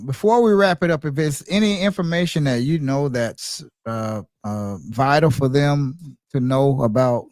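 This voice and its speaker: A man's voice: medium pitch, a little mellow, clean tone, no echo, studio quality. A man co-hosting a podcast, asking questions in a hesitant way with lots of fillers. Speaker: podcast co-host. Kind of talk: casual interview talk.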